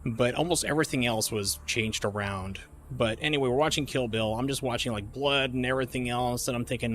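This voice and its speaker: A man's voice: medium pitch, a little fast, a bit bright, slight background noise. A man in his forties chatting casually while streaming a game, telling a long story with lots of uhs and restarts. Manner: rambling storyteller with many fillers. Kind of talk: casual chat while gaming.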